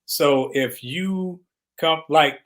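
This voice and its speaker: Man from Detroit with a slightly higher voice, reflective and quick. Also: a bit bright. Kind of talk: casual discussion.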